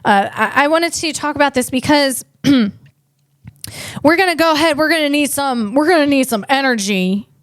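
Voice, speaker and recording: A woman's voice: high voice, animated, normal speed, dry recording, studio quality. A woman hosting a comedy podcast, riffing casually and interrupting herself as she talks. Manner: chatty, riffing, self-interrupting.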